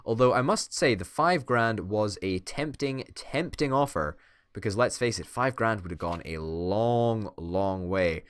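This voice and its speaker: Guy playing a game, jokey and sweary, lowish voice, dry close sound. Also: animated, normal speed, fairly bright tone, dry recording. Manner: playful, swearing, mock-dictator bluster. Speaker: gaming YouTuber. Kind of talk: casual let's-play commentary.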